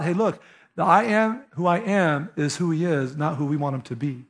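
High-voiced man preaching emphatically. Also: brisk. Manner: emphatic, conversational preaching with direct address. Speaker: pastor. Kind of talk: sermon.

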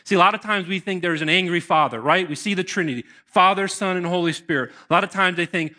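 A man's voice: high-pitched, fast, hardly any pauses. A man preaching a sermon to his congregation in an earnest manner. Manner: earnest preaching, bursts into excited shouts. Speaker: pastor.

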